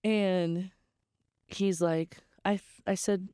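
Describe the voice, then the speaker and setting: A woman's voice: on the low side, fairly even intonation, takes it slowly, mellow, smooth, dry recording, clean studio sound. A young adult woman hosting a podcast, telling a personal story in a candid, chatty way with many "like"s. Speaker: podcast host. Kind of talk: casual storytelling.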